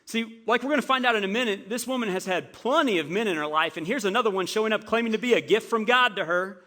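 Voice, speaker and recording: A man preaching a sermon as pastor, telling a story in an animated way with frequent stammered restarts, in a church. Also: sits high, fast talker. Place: church sanctuary.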